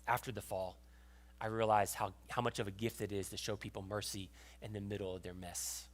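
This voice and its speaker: A young adult man giving a sermon as pastor, telling a personal story with emotion and often dropping to a hushed voice. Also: on the low side, little pitch movement, a little fast. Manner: storytelling, emotional, drops to a hushed voice at tender moments.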